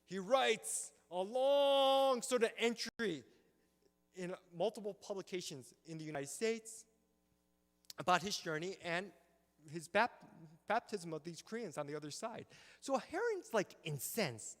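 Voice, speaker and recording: A man giving an animated history lecture at a symposium, telling the story with acted-out quotes and frequent check-ins with the audience. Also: high-pitched, measured pace. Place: church hall. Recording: long reverb of a church hall.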